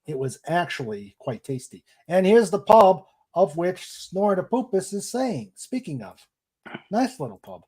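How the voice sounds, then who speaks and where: Male stream host, slightly raised pitch, slow easygoing delivery, reads comments aloud. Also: sing-song, darkish tone, breathy edge. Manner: unhurried, chatty, laughs at jokes. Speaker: livestream host. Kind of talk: casual chat, reading viewer comments aloud.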